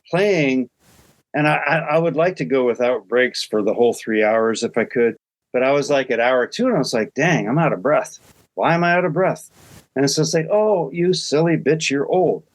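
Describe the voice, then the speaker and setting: A man's voice: medium pitch, no echo. An older man in his sixties, co-hosting a podcast, telling rambling, self-deprecating stories in casual chat. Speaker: podcast co-host.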